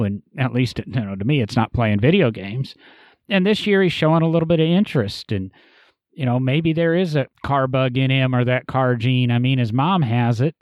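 A man's voice: medium pitch, moderate pace, no room sound, highs cut off. Easygoing man chatting on a podcast. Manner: rambling, easygoing, frequent "you know" fillers. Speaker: podcast co-host. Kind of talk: casual podcast chat.

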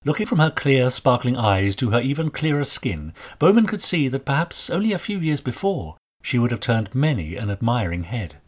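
Husky, expressive male story narrator. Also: medium pitch. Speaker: audiobook narrator.

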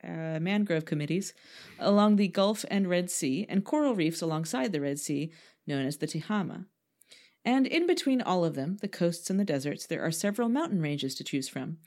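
A woman's voice: lowish voice, animated, normal speed, darkish tone. A woman co-hosting a podcast, reading from a script with playful, self-mocking asides and frequent laughter. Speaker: podcast co-host.

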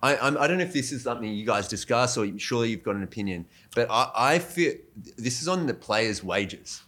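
A man with an Australian accent, a comedian guest chatting casually, animated and slipping into mock voices. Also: medium pitch, brisk. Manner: animated, mimics voices, many restarts. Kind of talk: casual podcast chat.

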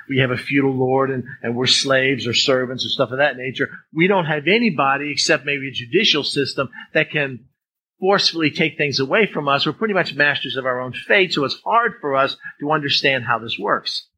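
A man's voice: medium pitch, bright, forceful tone, slight background noise, rough recording. A man preaching a conversational sermon as a pastor, reading verses and acting out everyday speakers. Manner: conversational, acts out swearing speakers in a raised voice.

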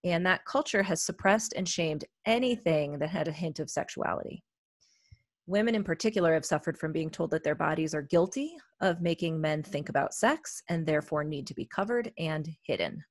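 On a dry, studio-quality recording, a woman with a low-pitched voice co-hosts a wellness podcast. She's a therapist, chatting casually and reflectively while using plenty of fillers.

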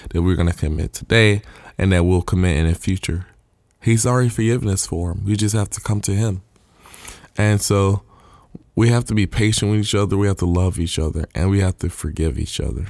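A man preaches in a plain, low-pitched voice, pressing his points again and again with earnest conviction. He retells old stories in casual everyday words. The sound is close and dry. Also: a little fast, creaky, darkish tone, no echo. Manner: earnest, repeats points for emphasis; retells scripture in everyday terms. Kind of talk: informal sermon.

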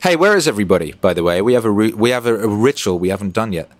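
A man hosting a casual livestream and reading chat aloud. He swears freely and swings between loud bursts and low mumbles. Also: animated, rapid-fire, dry recording.

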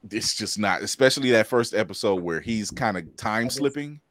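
A man's voice: on the low side, animated, normal speed, a bit bright, no echo. A man co-hosting a casual pop-culture podcast, his voice rising and falling with lots of animation. He laughs often and acts out the lines he quotes. The sound is dry and close. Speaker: podcast co-host. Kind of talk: casual review chat.

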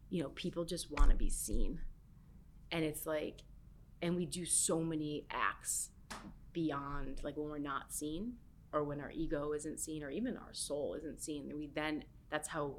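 Low, soft-spoken woman guest musing in casual chat, faint rumble behind. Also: normal speed. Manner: soft-spoken, many "like" fillers, drifts into near-whisper. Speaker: podcast guest, health chef.

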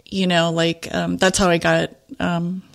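A woman's voice: fairly low pitch, flat delivery, measured pace, creaky. A woman hosting, talking reflectively and a little scattered about her faith. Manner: reflective, searching, wandering. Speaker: host. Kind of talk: casual faith conversation.

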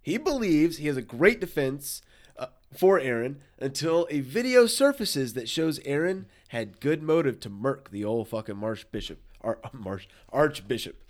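A man's voice: medium pitch, big pitch swings, moderate pace. A man co-hosting a podcast who has the hiccups, breaking into laughter and restarting often while he recaps a film. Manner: laughing, stumbling restarts, swears. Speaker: podcast co-host. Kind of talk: casual movie chat.

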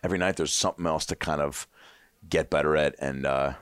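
A man's voice: a bass voice, fairly even intonation, fairly quick, clean tone, no echo. A man in his thirties telling rambling, profane stories as a podcast guest, slipping into voices for others. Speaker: comedian guest. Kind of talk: casual podcast chat.

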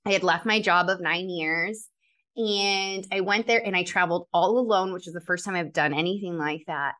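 A woman guest, a clinical pharmacist, telling personal stories in an earnest, reflective way in a podcast interview, quick to laugh. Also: on the low side, a bit bright.

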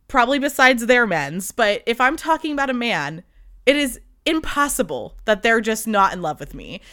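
A woman's voice: a little high, bright, forceful tone, smooth. A young woman hosting a solo podcast, chatting casually and animatedly, with frequent laughter. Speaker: podcast host.

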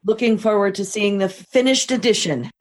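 A woman's voice: mid-range voice, moderate pace. A woman hosting a podcast, chatting in an encouraging, chatty way with her guest and closing the show. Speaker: podcast host. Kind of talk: interview and podcast outro.

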